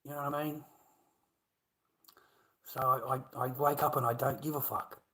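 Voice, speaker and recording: A man's voice: medium pitch, level tone, moderate pace, pushed and bright, rough recording. Rambling, swearing Australian man. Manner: rambling, swears a lot, often trails off into mumbling. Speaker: livestreamer. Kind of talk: casual rambling livestream chat.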